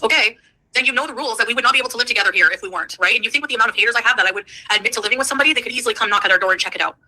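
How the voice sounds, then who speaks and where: A woman's voice: fairly high pitch, rapid-fire, pushed and bright, poor audio. A Canadian woman ranting defensively on a livestream, indignant and dismissive. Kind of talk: livestream rant.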